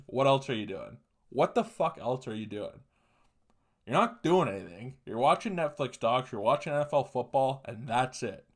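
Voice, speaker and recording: A young man hosting a podcast, talking casually in a blunt, profane, mocking way. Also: mid-range voice. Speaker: podcast host. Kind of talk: casual monologue.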